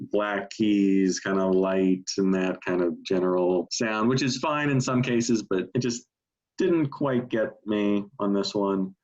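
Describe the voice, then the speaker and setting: A relaxed man gives his take on records with easy, self-mocking humor. His voice sits low. The recording sounds dull and lo-fi. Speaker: co-host ranking albums. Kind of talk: casual review chat.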